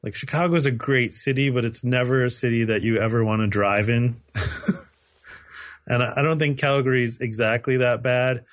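A man's voice: mid-range voice, steady tone, moderate pace. Man, podcast co-host, loose rambling delivery with fillers and restarts. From lives in western Canada. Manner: rambling, many fillers and self-corrections. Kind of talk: casual chat.

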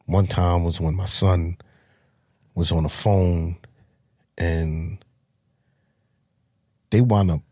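A man's voice: low voice, fairly even intonation, extremely slow, long pauses, warm tone, no echo, studio quality. A man, telling his life story as a guest in a blunt, profane, emotional way. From Harlem, New York. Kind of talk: candid life-story interview.

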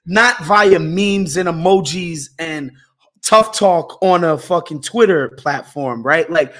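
A man's voice: on the high side, takes it slowly, fairly bright tone. A middle-aged man co-hosting a casual political chat, talking in a blunt, emphatic way with lots of swearing. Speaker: podcast co-host.

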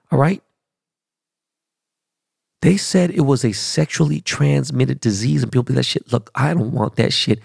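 A man hosting his podcast in a casual monologue, profane and emphatic, his voice rising high when he gets worked up. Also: unhurried, vocal fry, pauses often, darkish tone, husky, no echo, clean studio sound. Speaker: podcast host. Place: Los Angeles studio.

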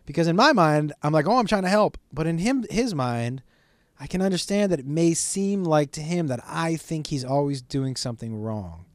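A man's voice: fairly high pitch, animated, normal speed, dry recording, studio quality. A middle-aged man hosting a solo podcast, talking candidly in a rambling way and swearing often. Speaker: podcast host.

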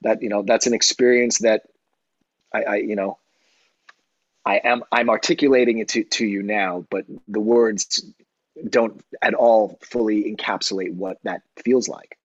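A middle-aged man speaking as an interview guest, halting and often searching for words. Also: on the low side, fairly even intonation, dry recording. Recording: dull, dry lo-fi sound.

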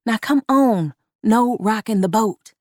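A woman voicing a young circus ventriloquist, hushed. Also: on the high side, takes it slowly, no echo, studio quality, voice pushed up. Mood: firm. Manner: folksy dialect, hushed and placating.

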